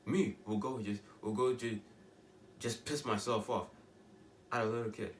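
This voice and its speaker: A man's voice: lowish voice, steady tone, normal speed, distant mic, a little hiss or hum. Rambling teenage boy in an echoey room. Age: teens. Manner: rambling, restarts often, emphatic rhetorical questions. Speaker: vlogger. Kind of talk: casual monologue to camera.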